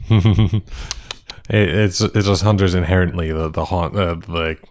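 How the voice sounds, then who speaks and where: Casting: very deep-voiced male host, easygoing, asks loose questions. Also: steady tone, a little slow, darkish tone. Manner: easygoing, frequent agreement. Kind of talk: casual interview chat.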